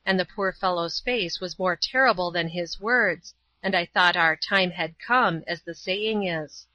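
A woman narrating a story aloud as an audiobook reader, in a steady, even storytelling way. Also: lowish voice, measured pace, no room sound, muffled recording. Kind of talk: scripted narration.

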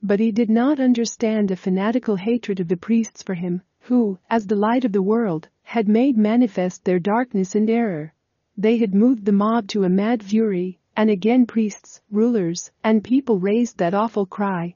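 A woman reading a religious text aloud as scripted narration, in a steady, measured way. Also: mid-range voice, no room sound. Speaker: audiobook reader. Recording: dull, lo-fi dry recording.

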